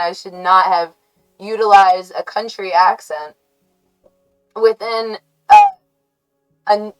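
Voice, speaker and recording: An American woman hosting a livestream, chatting to her viewers in a rambling, halting way that keeps correcting itself and breaks into giggles. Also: mid-range voice, faint music behind, rough recording. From United States. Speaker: livestream host. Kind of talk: casual stream chat to viewers.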